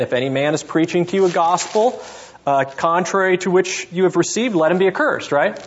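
A male seminary professor leading a classroom Bible lesson, putting questions to students by name and thinking aloud as he goes. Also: sits high. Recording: dull lo-fi classroom recording.

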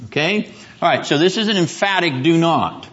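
A man's voice: fairly high pitch, lively intonation, normal speed, a bit bright, muffled recording. A man teaching a seminary class on the Bible, quizzing his students and driving points home by repeating them.

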